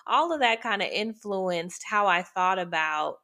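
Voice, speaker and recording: A woman's voice: mid-range voice, expressive, measured pace, pushed and bright. A woman co-hosting a podcast in casual conversation, talking in a reflective, slightly hesitant way. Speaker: podcast co-host.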